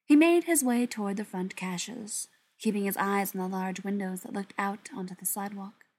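A woman reading a story aloud as narrator, in an even, steady storytelling manner. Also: medium pitch, normal speed. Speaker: audiobook narrator. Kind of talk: scripted narration.

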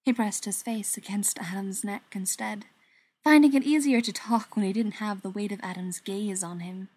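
A woman reads a story aloud at an even pace, her voice sitting in a middle pitch and sometimes sinking to a whisper. The recording is dry and close, with no room around her. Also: moderate pace, no echo. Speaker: narrator.

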